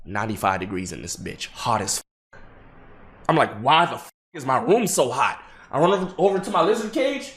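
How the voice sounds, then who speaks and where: Talking to his stream chat, a young man rambles through a story packed with profanity and halting false starts. His pitch swings widely as he drops to low, quiet tones and then surges up loud and high.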